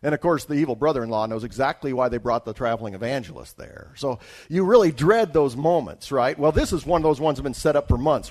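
A man's voice: medium pitch, expressive, fairly quick, a little mellow. A man from Alaska, a traveling evangelist, telling a personal testimony story in a conversational way, with restarts and asides to his listeners. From Alaska, United States.

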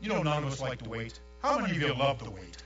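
An older man, preaching a sermon with folksy, animated storytelling. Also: mid-range voice, fast, far from the mic. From New York. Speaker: pastor. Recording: echoey room, dull sound, mains hum.

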